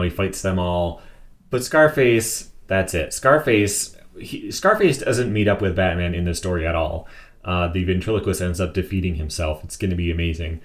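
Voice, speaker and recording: A man reads through a comic book and comments on it casually. His voice sits on the low side, and he keeps breaking into amused asides. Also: moderate pace.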